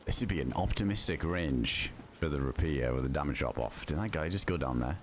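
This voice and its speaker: Deep-voiced laid-back male game streamer. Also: animated, brisk, slight background noise. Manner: rambling, laid-back, swears often. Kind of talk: casual gameplay commentary.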